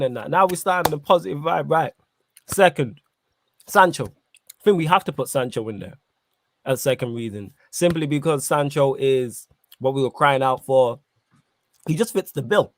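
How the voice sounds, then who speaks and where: A man hosting a casual football podcast, talking in animated slang while eating. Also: fairly high pitch, moderate pace, long pauses, no room sound. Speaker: podcast host.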